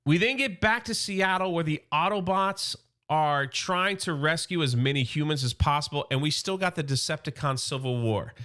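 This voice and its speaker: A man's voice: fairly high pitch, normal speed, sharp tone. A man doing a casual, enthusiastic comic book recap, loosely acting out the characters' quotes.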